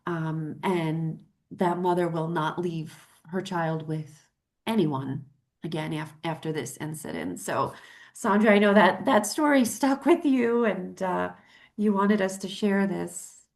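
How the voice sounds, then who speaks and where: A woman's voice: fairly low pitch, slow, gravelly. Chatty woman telling a story. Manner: chatty, restarts often, lively quoted voices. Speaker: co-host. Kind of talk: casual storytelling chat.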